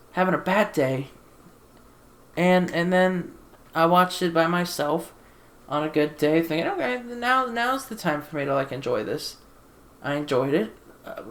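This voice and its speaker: Exasperated woman ranting on a desk mic. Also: fairly low pitch. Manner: exasperated, repeats herself, swears. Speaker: film reviewer. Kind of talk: casual ranting film review. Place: sitting in a chair at home. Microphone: desktop USB microphone.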